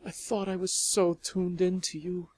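A man voicing a wounded, blunt older woman in a storybook reading, speaking slowly. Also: mid-range voice, lively intonation, creaky, heavily acted. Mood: sad. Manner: slow, hurt, blunt.

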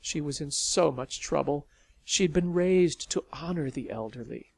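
A man reading a story aloud as an audiobook narrator, in a steady storytelling manner. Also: a little high, unhurried, creaky, husky, no echo.

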